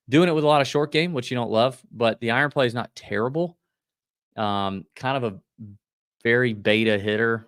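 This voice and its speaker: Gravelly man on a golf podcast. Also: on the low side, fairly bright tone, dry recording, clean studio sound. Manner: quick, loose, joking delivery. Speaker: podcast co-host. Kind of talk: casual golf betting chat.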